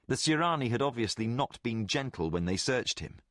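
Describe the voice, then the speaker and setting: A man narrating a fantasy audiobook in deliberate, expressive storytelling. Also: medium pitch, no room sound, studio quality. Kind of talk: scripted narration.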